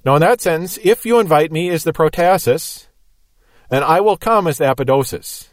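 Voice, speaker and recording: A man's voice: fairly high pitch, animated, normal speed, no echo. Emphatic man teaching the Bible, dry sound. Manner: emphatic, methodical explaining.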